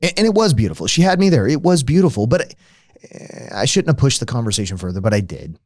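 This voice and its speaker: A man's voice: mid-range voice, sing-song, fast, a little mellow, no echo, studio quality. An American man hosting a podcast, telling a reflective, conversational story with frequent restarts, like a lecture. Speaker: podcast host.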